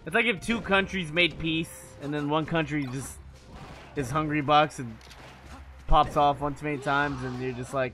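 A man's voice: on the high side, normal speed, faint music behind. A man chatting casually with his stream chat, cursing freely and laughing often. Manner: animated, profane, laughs often. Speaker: gaming streamer.

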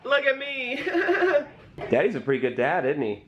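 Joking dad vlogging on a noisy camera. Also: male voice, on the high side, huge pitch swings, measured pace, highs cut off. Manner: joking, self-mocking asides. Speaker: vlogger and father. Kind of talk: casual family vlog narration. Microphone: handheld camera mic.

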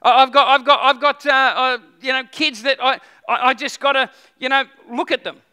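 A male pastor with a very high, strikingly bright and forceful voice delivers a sermon. He talks to the congregation conversationally, stumbling into restarts and tossing them questions. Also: fairly even intonation, normal speed, clear, resonant tone.

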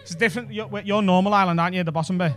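A man's voice: high voice, fairly even intonation, racing. A man doing stand-up, bantering with the crowd in a cheeky, sweary way on a comedy club stage.

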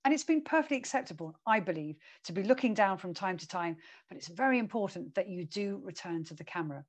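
A woman consultant delivers presentation tips straight into her webcam. Her voice sits in a middle pitch. She stresses key words and moves deliberately between energetic bursts and quieter, more considered passages. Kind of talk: coaching talk straight to camera. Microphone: webcam setup while she watches herself on screen.

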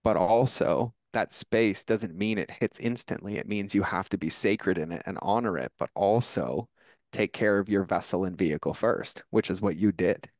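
A man who is a podcast guest, talking casually as an animated, emphatic storyteller. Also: low voice, moderate pace, no echo. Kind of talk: casual conversation.

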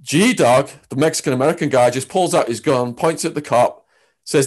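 Animated English man telling a story. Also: normal speed. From England. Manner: animated, with big swings in pitch and loudness. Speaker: guest. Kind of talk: storytelling in a sit-down interview.

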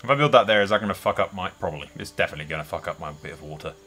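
A man hosts casual let's-play commentary and thinks aloud as he builds, swearing freely along the way. His voice sits fairly low but has a bright, forward edge. A faint hiss sits underneath. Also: lively intonation, racing. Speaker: gameplay host.

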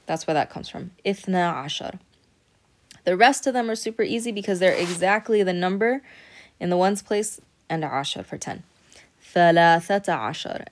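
A woman teaching a recorded Arabic lesson, patiently explaining step by step and checking in with frequent "okay". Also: on the low side.

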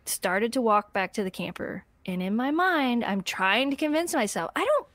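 A woman co-hosting a podcast, telling a story in casual chat, animated and laughing often as she acts out what people said. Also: fairly high pitch, moderate pace, no echo. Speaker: podcast co-host.

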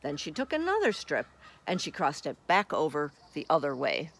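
A woman's voice: sits low, wildly swooping pitch, normal speed, creaky. A woman reading a children's picture book aloud, friendly and speaking directly to young listeners. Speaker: storybook reader.

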